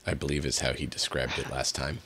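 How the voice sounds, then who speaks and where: A man's voice: rumbling low, level tone, brisk, a bit bright, breathy edge, no echo, clean studio sound. A man playing in a tabletop role-playing game, joking and laid back. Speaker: player. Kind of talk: casual tabletop game play.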